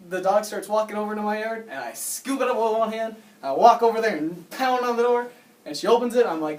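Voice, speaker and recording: A young man telling a long joke story to a small audience, in a halting, repetitive way and laughing at his own lines. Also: high voice, lively intonation. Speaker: amateur comedian. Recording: roomy and distant.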